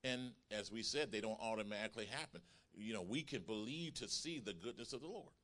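A man's voice: lowish voice, expressive, fairly quick. Man preaching with rising fervor. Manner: builds from quiet teaching to loud, emphatic preaching with call-outs; repeats phrases and restarts in the flow of preaching. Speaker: pastor. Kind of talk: sermon.

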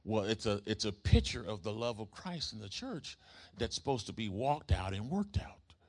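A man's voice: on the low side, big pitch swings, moderate pace, darkish tone. A man preaching a sermon, using rhythmic repetition and call-and-response with the congregation. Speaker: pastor.

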